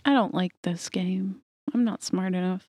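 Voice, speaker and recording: A woman co-hosting a casual podcast, blunt and quick to exclaim. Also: fairly low pitch, a little mellow. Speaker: podcast co-host. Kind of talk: casual chat.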